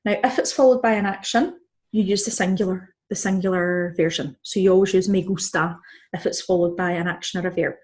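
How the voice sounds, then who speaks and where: A woman's voice: on the low side, steady tone, a little fast, a little mellow. Scottish woman teaching Spanish. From Scotland. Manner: patient, explains step by step with frequent "so" and "right?". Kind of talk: online language lesson.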